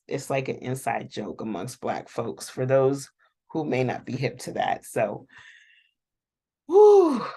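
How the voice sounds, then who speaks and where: A woman's voice: very deep voice, gravelly, warm tone, slightly rough. A woman hosting a casual, rambling reaction recap of a TV episode, chatting to viewers and laughing often. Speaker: show reaction host.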